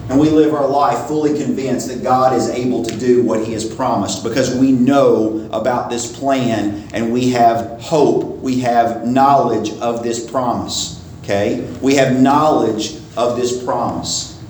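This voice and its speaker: A man in his forties preaching a sermon, emphatic, swinging between loud stresses and quiet asides. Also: medium pitch, fairly even intonation, a little slow, slight background noise. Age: 40s. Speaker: pastor. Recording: echoey hall, mic at a distance, faint ambience.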